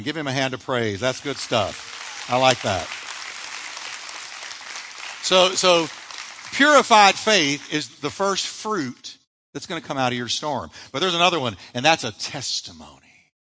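A male pastor delivers a live sermon with a bright, forceful tone. His voice swings widely in pitch and rises in emphatic bursts over repeated refrains. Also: expressive, moderate pace, pauses often, some chatter behind. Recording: live church sermon audio.

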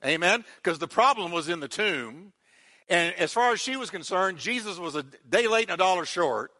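Pastor, male, high bright voice, emphatic repetitive sermon delivery with call-and-response. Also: animated, normal speed.

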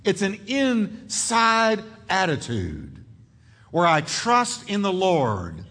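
Expressive high-voiced male preacher, hall echo. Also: slow pace. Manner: expressive preaching with sudden drops and rises in pitch. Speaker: pastor. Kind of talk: sermon.

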